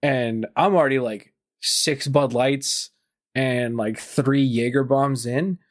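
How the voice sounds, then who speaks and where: A man's voice: medium pitch, steady tone, takes it slowly. A young man hosting a podcast, telling a drunken story in casual talk, swearing freely and laughing at his own jokes. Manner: profane, laughs through his own stories. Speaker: podcast host.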